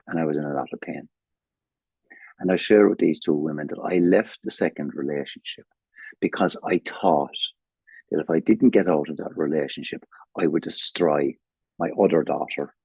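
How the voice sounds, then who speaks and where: A man's voice: very deep voice, moderate pace, creaky, dark tone, breathy edge, no room sound, dull audio. An older man with an Irish accent gives a candid, emotional personal testimony at a recovery meeting, swearing freely, over a video call. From Ireland.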